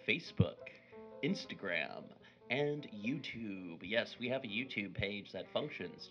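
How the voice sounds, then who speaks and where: A man's voice: fairly low pitch, fairly bright tone, muffled recording. A man hosting a podcast, theatrical and jokey as he greets listeners and reads announcements. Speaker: podcast host. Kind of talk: casual podcast chat.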